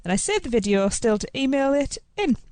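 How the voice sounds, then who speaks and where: A woman's voice: sits high, sing-song, brisk, a little mellow, slight background noise. A woman co-hosting a podcast, reading out a listener's trip report and laughing easily. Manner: giggly, easily amused. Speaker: podcast co-host.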